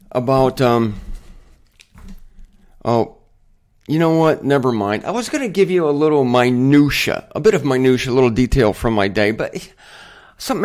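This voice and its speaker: A man's voice: medium pitch, a little mellow. A man hosting a Bible teaching show, chatty and digressive, with self-deprecating humor and emphatic points. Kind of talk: casual Bible teaching monologue.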